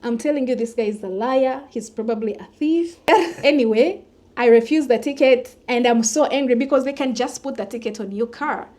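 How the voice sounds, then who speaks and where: Lively woman telling a story. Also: a little high, normal speed. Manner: animated retelling that acts out the dialogue. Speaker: vlogger. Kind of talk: personal storytelling.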